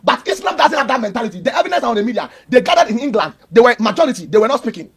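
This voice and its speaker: Man, very high voice, rapid-fire talk, emphatic preachy debater. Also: big pitch swings, breathy edge. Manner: emphatic, preachy, repeats points. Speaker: Christian debater. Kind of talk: heated religious debate.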